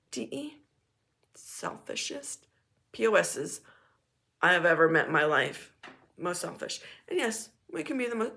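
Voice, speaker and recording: A woman vlogger telling a casual story in a frank, animated and blunt way, now and then swearing. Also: fairly high pitch, vocal fry.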